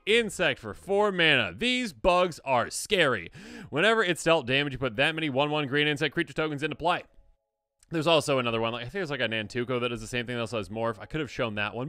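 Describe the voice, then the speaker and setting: A man hosting a casual card game review, animated and jokey, now and then acting out silly voices. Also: fairly high pitch, no echo. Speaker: host.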